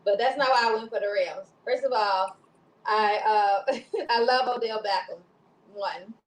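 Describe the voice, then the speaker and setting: A woman's voice: medium pitch, a little slow, roomy sound, slight background noise, poor audio. A woman from Chicago co-hosting a casual talk show, rambling and laughing often. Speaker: co-host. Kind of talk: casual chat.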